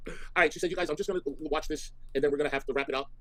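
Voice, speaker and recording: A man's voice: fairly high pitch, steady tone, racing, a bit bright, no echo. A man co-hosting a live stream, mocking his targets with sassy, profane commentary. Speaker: stream co-host.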